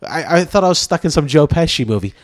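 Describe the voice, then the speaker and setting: A man's voice: on the high side, expressive, fast, no echo, clean studio sound. A man who hosts a comedy podcast, telling a story in casual chat, acting out both sides of the quoted exchange, swearing casually and laughing often.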